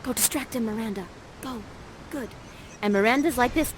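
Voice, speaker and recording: A woman's voice: on the high side, moderate pace, a little hiss or hum. A woman narrating an interactive live stage show in a bubbly, playful manner while directing the audience.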